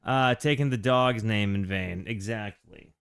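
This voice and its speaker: A man hosting a casual music reaction video from his home setup, joking and rambling with quick restarts. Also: fairly low pitch, gravelly, clear, resonant tone. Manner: animated, jokey, rambling with restarts.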